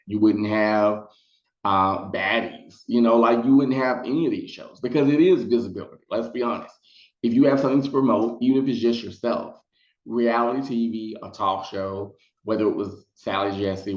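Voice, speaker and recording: A man telling a casual storytime to his viewers, chatty and animated, slipping into high put-on voices when quoting people. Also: reverberant, highs cut off. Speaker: storytelling vlogger.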